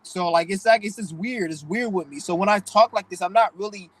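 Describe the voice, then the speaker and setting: A man's voice: high voice, a little fast, a bit bright, rough recording. A young man hosting his own channel, ranting bluntly and profanely in a preachy, emotional way. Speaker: channel host. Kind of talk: casual vlog rant.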